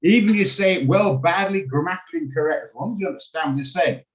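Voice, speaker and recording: A man's voice: on the high side, expressive, fast talker, rough recording. A man teaching a live online trading class over a video call, chatty and rambling, often laughing as he explains. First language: English. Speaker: trading coach.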